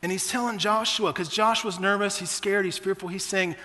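A man's voice: high voice, fairly even intonation, brisk, sharp tone, in a large hall. A man in his forties preaching a sermon, telling personal stories in a conversational way to his church. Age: 40s. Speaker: pastor.

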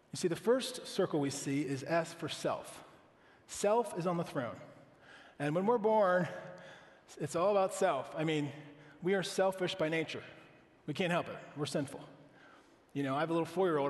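A man's voice: on the high side, in a large hall. A man in his thirties, a pastor preaching a sermon in an earnest, conversational way, often asking the congregation questions.

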